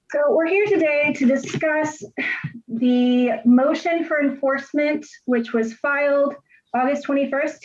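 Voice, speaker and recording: A woman representing herself in a court hearing, politely and deliberately reading out legal filings and making her argument. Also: a little high, a little mellow, lo-fi sound. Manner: polite, deliberate, reads legal text aloud. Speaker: self-represented parent in court.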